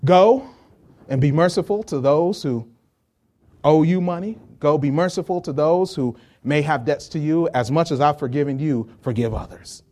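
Pastor putting on a rich merciful master, solemn, lower voice than usual. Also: male voice, normal speed, mellow, close to an everyday voice. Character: wealthy merciful male master in a parable.

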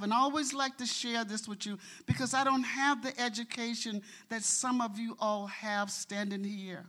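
A woman's voice: on the high side, a bit bright. A middle-aged woman stands before her congregation in church and gives an earnest, heartfelt testimony. She admits her nerves as she talks and keeps returning to praise God. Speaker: church member reading scripture. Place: church sanctuary.

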